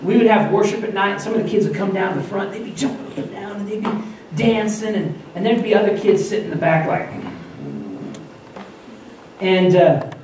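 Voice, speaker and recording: A man's voice: high voice, normal speed, far from the mic. A man who is a pastor from Wyoming and North Dakota, giving an informal sermon in a conversational way, often restarting his sentences. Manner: conversational, self-interrupting, acts out quotes. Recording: very echoey room, voice from afar, faint noise.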